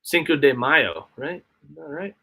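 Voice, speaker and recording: A man's voice: on the high side, a little slow, sharp tone, husky. A man hosting a casual live stream from his homestead, chatting in a rambling way and answering his chat aloud. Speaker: livestream host. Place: home, homestead.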